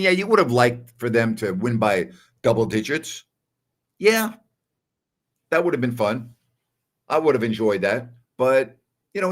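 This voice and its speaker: On his laid-back postgame stream, a New York-accented host reads what viewers have written and makes emphatic points with one tag question after another. His voice is medium in pitch and fairly bright.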